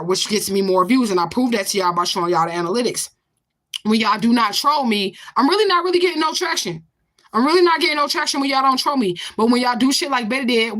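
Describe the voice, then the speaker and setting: A woman's voice: fairly high pitch, pushed and bright. A woman in her forties in a confrontational, profane vlog rant, answering a commenter with repeated questions. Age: 40s. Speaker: vlogger. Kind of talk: ranting to camera.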